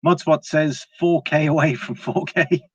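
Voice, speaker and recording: A man's voice: fairly high pitch, steady tone, a little slow, fairly bright tone, breathy edge, no echo. Chatty British man reading stream comments. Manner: rambling, with frequent fillers and restarts. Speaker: live-stream host. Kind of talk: casual live-stream chat, reading viewer comments. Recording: dry, slightly dull lo-fi sound.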